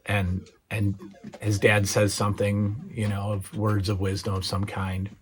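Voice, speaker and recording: Speaking in a fairly low voice with completely flat delivery and a measured pace, a middle-aged man hosts his own channel, recalling memorable TV moments in a casual, hesitant chat marked by fillers, restarts, a touch of emotion, and getting worked up as he retells scenes. A little hiss or hum is audible.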